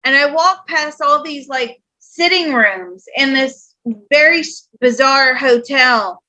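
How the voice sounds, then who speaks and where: A woman psychic host chatting casually, telling stories in an animated way and laughing often. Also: sits high, slow pace. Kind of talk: casual chat.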